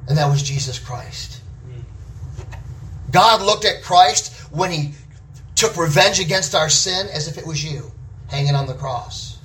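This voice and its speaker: A man's voice: fairly high pitch, measured pace, a bit bright, far from the mic. A man preaching a sermon with an emphatic, repetitive cadence.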